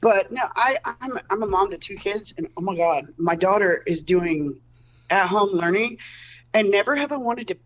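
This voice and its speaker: A woman's voice: mid-range voice, animated, normal speed, far from the mic, dull audio, slight background noise. A woman doing a stand-up comedy set from home over a video call, in a rambling, self-interrupting way. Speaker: stand-up comic. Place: home room.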